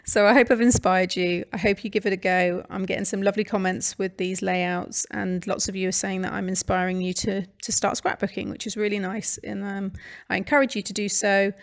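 Gravelly-voiced British woman crafting vlogger. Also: mid-range voice, flat delivery, fairly quick, hardly any pauses. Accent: British English. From United Kingdom. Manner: chatty, rambling, with fillers and restarts. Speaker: craft channel host. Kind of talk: casual voice-over narration of a scrapbooking process video.

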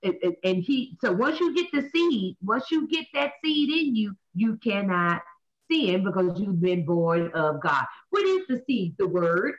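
Lively woman minister teaching scripture. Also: medium pitch, a little slow. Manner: preachy, repeats points, asks and answers own questions. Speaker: minister hosting a Bible talk show. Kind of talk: animated Bible study teaching. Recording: dull lo-fi sound.

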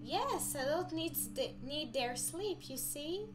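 A woman voicing a cheery mother tucking her child into bed, slow and patient, with game music behind. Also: high-pitched, lively intonation, noisy background. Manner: slow, sing-song and patient.

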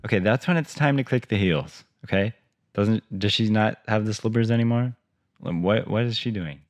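A man reading a children's story aloud and breaking in with sarcastic, deadpan asides. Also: on the low side, normal speed. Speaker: reader and host. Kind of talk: audiobook reading with sarcastic commentary.

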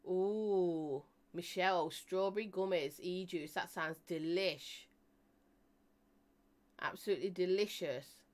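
A woman's voice: fairly low pitch, takes it slowly. A woman hosting a live stream, chatting casually with her viewers, laughing often and joking as she reads out their comments.

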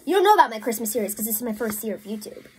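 A woman's voice: a little high, big pitch swings, racing, very noisy. A woman chatting casually through a messy home crafting vlog, flustered and apologetic as things go wrong. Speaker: vlogger. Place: home, indoors at a work table.

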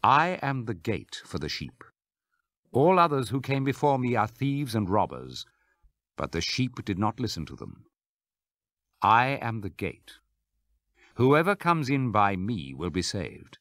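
Jesus, calm and measured, read by a man. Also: fairly low pitch, dry recording, studio quality. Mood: steady. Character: Jesus, a calm adult male teacher speaking with authority. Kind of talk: scripture reading.

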